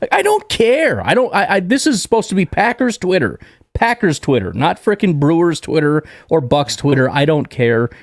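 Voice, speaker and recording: A man's voice: on the high side, very animated, normal speed, no room sound, clean studio sound. A young man hosting a podcast in casual sports chat, ranting animatedly and acting out quotes in mock voices. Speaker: podcast host.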